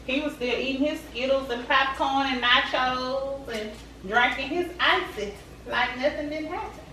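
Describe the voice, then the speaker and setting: A woman vlogger telling a story straight to her viewers in a chatty, animated way. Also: high-pitched, unhurried, recorded from a distance, slight background noise. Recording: echoey room, away from the mic.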